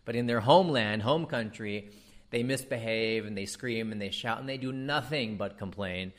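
An American man delivers a comic rant in a voice that sits a little low. He sounds animated and exasperated, swearing freely and dropping in plenty of fillers as he builds his point. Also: moderate pace. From United States. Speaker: comedian. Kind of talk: ranting monologue.

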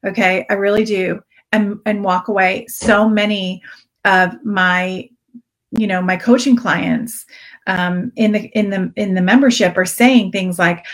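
A woman's voice: medium pitch, a little slow. A woman giving an earnest, encouraging live-stream coaching talk to her direct sales audience, repeating key phrases for emphasis. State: briefly teary-eyed.

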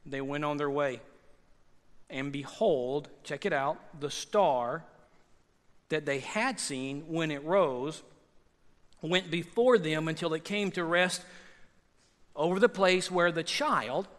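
A man preaching a sermon, animated and conversational, repeating phrases and swinging from loud emphasis to hushed asides. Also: a little high. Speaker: pastor. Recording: long hall reverb.

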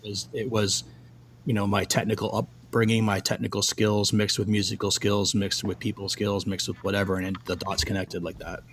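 Speaking a little fast in a lowish voice, a middle-aged Canadian film composer shares anecdotes from his career during a casual interview. He's animated and acts out the dialogue of the people he describes, and a faint hiss or hum can be heard.

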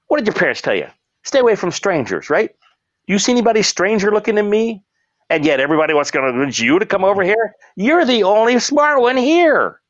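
Lively, animated man, dull lo-fi sound. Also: no room sound. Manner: animated, jumps into high shouted voices for quotes, laughs often. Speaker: professional clown, guest. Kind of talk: casual interview storytelling.

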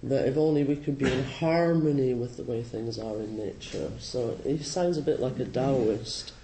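A man with a Scottish accent, a Zen teacher giving a slow, gently humorous and reflective dharma talk. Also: mid-range voice, background noise. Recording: roomy hall with faint ambience.

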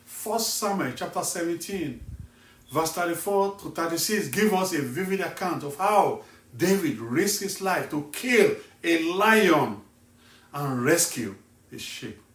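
Slow, emphatic preaching man in an echoey room. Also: fairly high pitch, animated, fairly bright tone, recorded from a distance. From Nigeria. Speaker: evangelist. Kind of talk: sermon. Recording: echoey room, voice set back from the mic.

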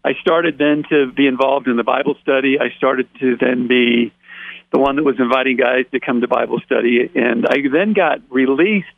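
Gravelly man telling his story by phone. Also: medium pitch, moderate pace, no echo. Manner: animated, acts out quoted dialogue. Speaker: interview guest. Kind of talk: personal testimony storytelling. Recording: tinny dry phone line.

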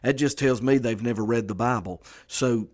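A pastor delivering a conversational sermon, earnest and repeating phrases for emphasis. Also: male voice, medium pitch, normal speed.

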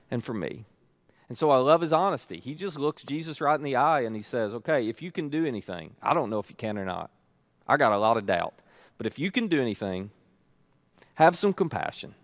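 A man's voice: medium pitch, dry recording. A middle-aged male pastor preaching a sermon in an earnest, emphatic way, building on repeated phrases.

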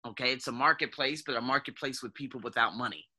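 A man in his thirties hosting a podcast, talking in a casual, blunt, profane monologue that swings between low muttering and loud outbursts. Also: fast, husky. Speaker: podcast host.

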